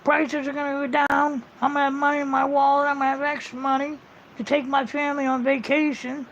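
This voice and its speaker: A sarcastic man who grumbles in mock outrage, his voice raised high and rasping, as a livestreamer puts him on. The sound is muffled and lo-fi, with faint ambience behind it. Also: monotone, a little fast, fairly bright tone, a little hiss or hum, exaggerated voice. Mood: mock-whiny. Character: sarcastic man mocking in a video.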